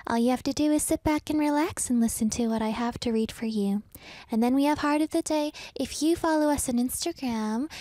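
A woman DJ on air in a studio, teasing her listeners and chatting freely. She is out of breath, with a fairly high voice picked up dry and close on the studio mic. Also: warm tone, no room sound. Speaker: radio DJ. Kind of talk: casual radio chat. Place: radio studio.

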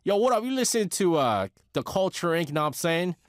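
A man's voice: high-pitched, big pitch swings, fairly quick, no echo, studio quality, voice pushed up. A man voicing a brash young New York street kid with a slangy, swaggering manner and a New York accent.

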